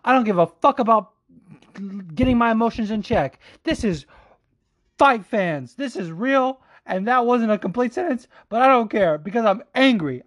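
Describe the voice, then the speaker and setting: A man giving a heated, profane opinion rant as a fight commentator, talking quickly and calling the listener "dude" over and over. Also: high voice. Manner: profane, fired-up, says "dude" a lot; quick, animated delivery. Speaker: MMA commentator.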